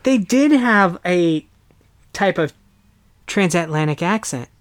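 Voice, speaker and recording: A young American man chatting casually on a podcast, animated and quick to slip into playful voices. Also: high-pitched, a little hiss or hum. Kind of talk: casual chat.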